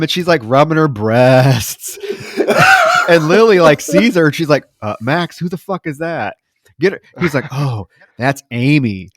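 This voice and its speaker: A man co-hosting a podcast, retelling a film plot in an animated, profane way with laughter. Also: a little high, no echo. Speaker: podcast co-host. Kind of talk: casual film discussion.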